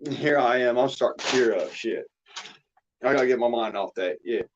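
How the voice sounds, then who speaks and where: A man's voice: mid-range voice, fairly quick, noisy background. A man streaming a casual chat, talking emotionally in a rambling way, cursing often and repeating himself, with a drawl. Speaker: streamer hosting a chat panel. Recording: dull lo-fi mic.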